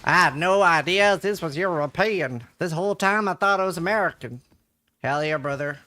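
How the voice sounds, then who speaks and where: A man's voice: high voice, brisk, bright, forceful tone. A man streaming a game, chatting casually and answering his viewers' messages in a joking way. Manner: chatty, jokey, reads and answers chat aloud. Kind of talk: casual chat with live viewers while gaming.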